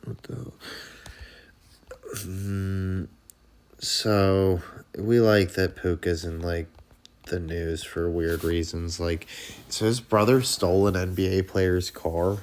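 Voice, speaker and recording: A man with a low, gravelly voice rambles through a casual sports chat. His tone is dark and mellow, and he swears freely. He keeps calling himself Coach in the third person. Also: steady tone, slow pace, long pauses. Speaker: sports show host.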